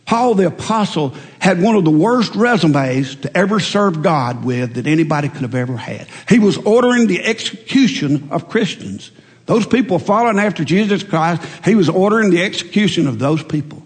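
A middle-aged male preacher giving a folksy, animated sermon full of stories. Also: sits high, normal speed, big-room sound.

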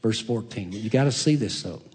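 A man preaching a sermon, soft-spoken, reading scripture in old-fashioned wording and sinking to a whisper for God's voice. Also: fairly low pitch, expressive, moderate pace, husky. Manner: reads scripture in King James wording.

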